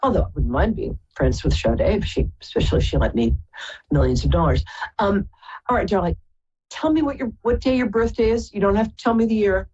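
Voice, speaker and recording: A woman's voice: mid-range voice, animated, a little fast, darkish tone, breathy edge, dull audio. A woman from Brooklyn, hosting a live call-in psychic reading and calling callers darling and sweetheart. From Brooklyn, New York. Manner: affectionate, chatty, calls people darling and sweetheart. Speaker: psychic radio host.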